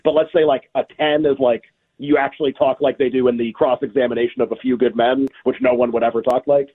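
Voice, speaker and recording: A man's voice: medium pitch, fairly even intonation, fast, breathy edge. Rambling man on a tinny phone line. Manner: rambling, lots of fillers and restarts. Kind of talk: casual chat.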